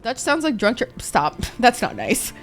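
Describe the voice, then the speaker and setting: A woman's voice: a little high, very animated, measured pace, over music. A young woman from Egypt, a native Arabic speaker, chatting and swearing freely as she streams a game. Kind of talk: casual gameplay commentary.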